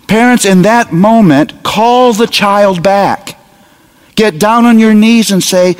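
A man preaching a sermon to parents, lively and humorous, acting out little scenes of talking to a child. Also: high-pitched, takes it slowly, clear, resonant tone. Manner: animated, humorous, acts out parent dialogue. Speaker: pastor. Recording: long hall reverb.

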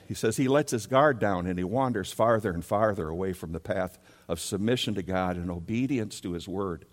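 A male pastor preaching a sermon, emphatic, and he keeps rising into pleading questions. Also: lowish voice. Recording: long hall reverb.

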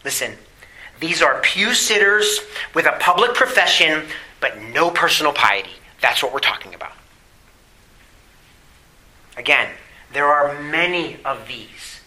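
A man preaching a sermon in a bright, sharp, somewhat high voice. He presses his points with rhetorical questions and reads scripture with emphasis, then drops into quieter asides. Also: rough recording. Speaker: pastor.

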